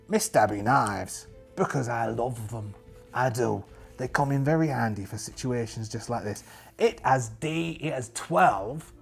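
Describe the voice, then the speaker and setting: A man's voice: mid-range voice, gravelly, breathy edge. A man narrating a solo tabletop game with chatty, self-mocking asides.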